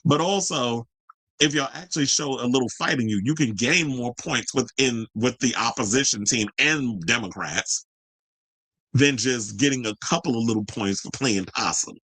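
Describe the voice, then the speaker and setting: A blunt, foul-mouthed man hosts a commentary livestream and talks straight to his viewers and their comments. His voice sits at a middling pitch, and the sound is dry and close, with no room around it. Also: normal speed, a bit bright, no room sound, poor audio. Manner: profane, blunt and combative. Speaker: host of a pop culture commentary channel.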